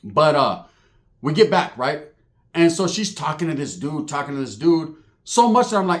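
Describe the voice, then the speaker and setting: A young man spinning a comic tale about his family, his pitch swinging up and down as he goes. He is profane, animated and full of slang, and his voice sits a bit high for a man. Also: brisk. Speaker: comedian storyteller. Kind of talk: comic storytelling.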